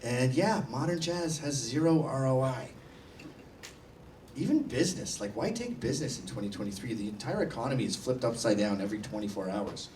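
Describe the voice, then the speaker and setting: A man's voice: medium pitch, big pitch swings, brisk, a little mellow. Male speaker, sardonic and blunt, mid voice, live university hall, distant mic. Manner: sardonic, blunt, acts out mock quotes. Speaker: guest speaker. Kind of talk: provocative live speech. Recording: distant mic, faint hiss.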